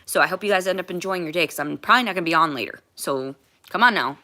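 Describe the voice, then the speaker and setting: A woman's voice: lowish voice, very fast, pushed and bright. A woman chatting on a livestream in a rambling, emotional way, with casual swearing.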